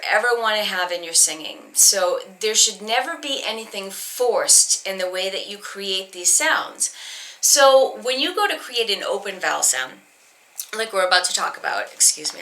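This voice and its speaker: A woman's voice: mid-range voice, animated, normal speed, bright, forceful tone. A woman from Boston teaching a recorded singing lesson, talking in a chatty, explanatory way with plenty of ums and restarts while keeping her accent neutral. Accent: neutral American, trying to hide a Boston accent. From Boston, northeastern United States.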